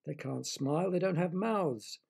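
A man's voice: on the high side, measured pace, gravelly, darkish tone, breathy edge, pitched above the performer's own voice, exaggerated voice. A man voicing a sceptical, blunt young boy in a children's story.

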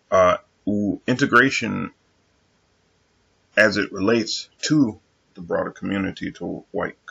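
Deep gravelly husky-voiced man. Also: a bit bright, dull audio. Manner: measured and earnest, with frequent pauses and fillers. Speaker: vlogger addressing his viewers. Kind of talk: casual reflective monologue.

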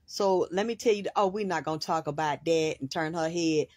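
A woman hosting a spiritual reading, rambling in an excitable monologue and swearing freely in long run-on sentences. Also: sits low, fairly quick, dry recording, studio quality. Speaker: host, spiritual reader.

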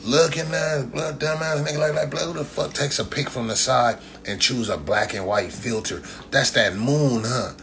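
A man's voice: medium pitch, moderate pace, few pauses, noisy background. A man ranting casually and profanely at commenters on his livestream, throwing in "blood" after nearly every line. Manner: loose, profane trash talk, repeats "blood" constantly. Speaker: livestream host.

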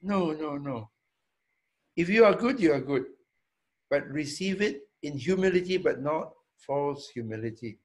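A hotel owner talks through a student Q&A in a slow, measured way and leaves pauses between his points. His voice sits a little high for a man. He stresses ideas by repeating words and keeps checking in with his listeners. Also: animated, darkish tone. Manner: slow, deliberate, checks in with "yeah?"; repeats himself for emphasis. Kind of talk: Q&A talk.

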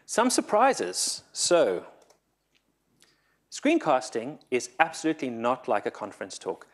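A man's voice: mid-range voice, huge pitch swings, a little slow. A man giving a conference talk, nervous, often stumbling and repeating his words. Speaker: conference speaker. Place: conference hall.

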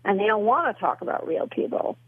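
A woman's voice: mid-range voice, animated, fairly quick, breathy edge, dry recording. A woman guest telling her story in an earnest, fervent way, full of "you know" fillers, heard over a phone line. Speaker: guest, pro-life advocate. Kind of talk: storytelling in a podcast interview. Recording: tinny phone line, dry.

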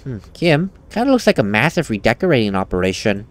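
A man's voice: mid-range voice, big pitch swings, fast talker. A man hosting a let's play, chatting casually, often correcting himself and laughing while he reads game dialogue aloud. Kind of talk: casual gaming commentary.

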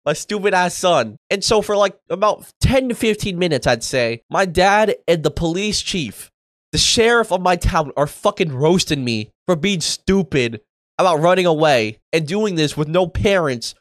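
A young man casually telling a party story to camera, animated and swearing freely, acting out what others said. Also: high voice, moderate pace, dry recording. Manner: animated, acts out quoted voices, swears freely. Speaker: storytime YouTuber.

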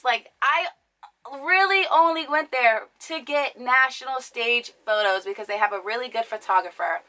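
Bright, chatty young woman vlogger. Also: high-pitched, moderate pace, rough recording. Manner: animated, chatty, lots of fillers. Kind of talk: casual storytelling to camera.

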